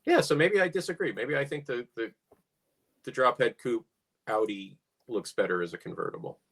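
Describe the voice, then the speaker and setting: A man's voice: medium pitch, animated, moderate pace, a bit bright, breathy edge. A middle-aged man co-hosting a casual car chat, musing with dry humor. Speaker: podcast co-host.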